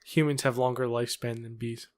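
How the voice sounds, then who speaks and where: A man's voice: medium pitch, fairly even intonation, fairly quick. A young man co-hosting a podcast, trading short, dry comebacks during a card game. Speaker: podcast co-host, player. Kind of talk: casual game chat.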